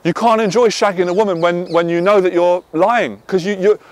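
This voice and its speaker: A man coaching on dating, talking intensely, swearing and then calming himself down. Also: high-pitched, a little fast, no room sound. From half Irish. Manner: intense, swears, swings from loud to quiet. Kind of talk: passionate monologue to camera.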